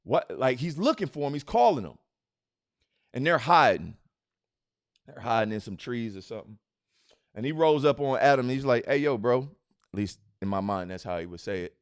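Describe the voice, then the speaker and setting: A man hosting a podcast, giving a motivational talk in a casual, slangy way, driving his points home with repeated rhetorical questions that build to loud urging. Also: mid-range voice, big pitch swings, brisk, pauses often, no echo. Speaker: podcast host. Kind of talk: motivational speech.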